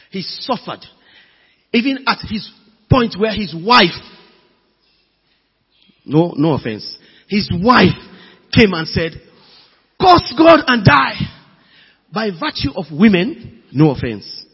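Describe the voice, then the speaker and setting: A man preaching a sermon in an emphatic, animated way, with sudden loud bursts. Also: on the high side, slightly rough. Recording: dull lo-fi audio with long hall reverb.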